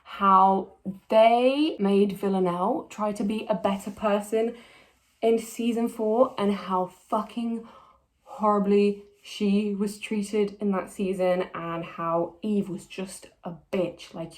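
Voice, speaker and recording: A woman's voice: mid-range voice, fairly even intonation, slow pace. A young woman vlogger giving a passionate, heated review, swearing a lot and restarting her sentences, recorded on a poor mic. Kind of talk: ranting casual review. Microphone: poor-quality mic. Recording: echoey room, poor mic.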